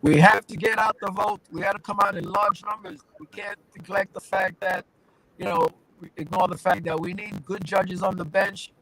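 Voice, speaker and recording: A man, a judge and talk show guest, making a steady, plain appeal over a video call. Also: high-pitched, moderate pace, rough recording.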